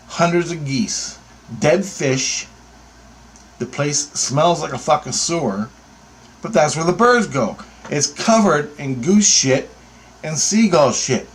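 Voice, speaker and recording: A man's voice: a little high, low-quality recording. Profane, heated man ranting. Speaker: bird photographer. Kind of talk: angry ranting anecdote.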